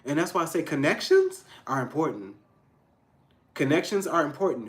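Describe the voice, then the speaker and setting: A man giving a casual tarot reading to his viewers, emphatic and frank, swinging between loud outbursts and low asides. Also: big pitch swings, fairly quick. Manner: frank and profane, addressing viewers directly. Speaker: tarot reader.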